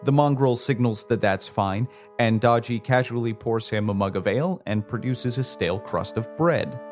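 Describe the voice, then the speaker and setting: A man's voice: mid-range voice, normal speed, darkish tone, soft background music. A man running a tabletop game as game master, narrating in a casual, descriptive way with fillers.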